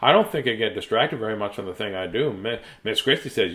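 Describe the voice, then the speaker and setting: A man's voice: lowish voice, animated, fast talker, hardly any pauses, fairly bright tone. A man reading a picture book aloud, playful and chatty, drifting into tangents. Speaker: children's story reader.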